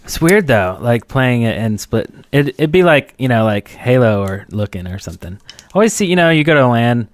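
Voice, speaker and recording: Co-host, man, smooth clear voice, easygoing question-asker, dry sound. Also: mid-range voice, very animated, normal speed, dry recording. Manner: easygoing, asks questions, agrees a lot. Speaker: podcast co-host. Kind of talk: casual podcast chat.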